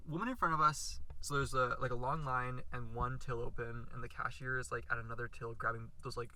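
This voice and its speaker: Bright-voiced young man telling a story. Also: mid-range voice. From Canada. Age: young adult. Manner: animated storyteller, acts out other people's lines. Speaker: podcast co-host. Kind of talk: casual storytelling chat. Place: outdoors, in a thunderstorm.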